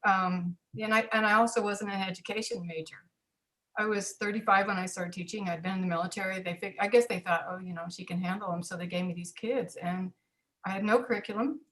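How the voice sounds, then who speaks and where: An older woman in her sixties, talking as an interview guest about her years in teaching. She tells her stories in a lively, conversational way, voicing both sides of remembered exchanges. Her voice sits at an ordinary middle pitch for a woman. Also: a little fast, rough recording. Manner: animated, acts out dialogue in quotes. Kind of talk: personal storytelling.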